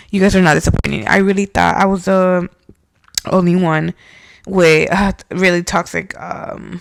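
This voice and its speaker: A young woman a gravelly, creaky voice, hosting a casual podcast. She reads listener stories aloud and reacts bluntly, swearing freely. The sound is dry and close, no room echo. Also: fairly low pitch, fairly bright tone. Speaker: podcast host.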